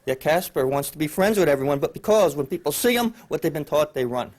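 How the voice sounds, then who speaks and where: A man's voice: fairly high pitch, animated, quick pace, a little mellow. A man in the audience earnestly explaining a comparison to the speaker. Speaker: audience member. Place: audience at a talk.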